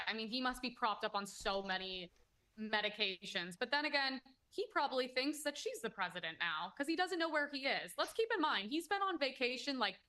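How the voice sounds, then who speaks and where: A woman commentator speaks in a bright, tense voice that sits a little on the high side. She talks emphatically and with open indignation, circling back and restarting mid-sentence. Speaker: commentator guest. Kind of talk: opinionated commentary chat.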